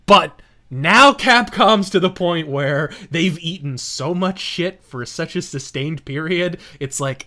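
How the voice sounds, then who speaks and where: A man as host telling a profane, animated story with laughter while playing a game. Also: a little high, slow, a little hiss or hum. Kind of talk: casual storytelling while gaming.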